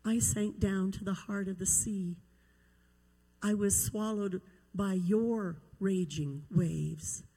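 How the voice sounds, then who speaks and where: Slow, mellow-voiced woman reciting scripture. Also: mid-range voice, fairly even intonation, husky, in a large hall, low-quality recording. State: recovering from a cold, voice iffy. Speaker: guest evangelist reciting scripture.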